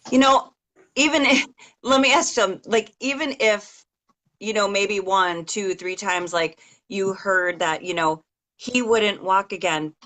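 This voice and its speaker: A woman's voice: mid-range voice, unhurried, fairly bright tone. A middle-aged woman interviewing a guest on a casual call, telling a long personal story in a rambling, emotional way with many fillers. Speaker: interviewer, mother of an injured daughter.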